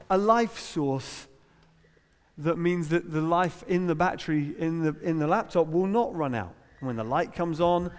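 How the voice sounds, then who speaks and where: A man's voice: on the high side, a little mellow, big-room sound. A middle-aged man with an English accent preaching a sermon in a conversational, humorous and emphatic way. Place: church hall.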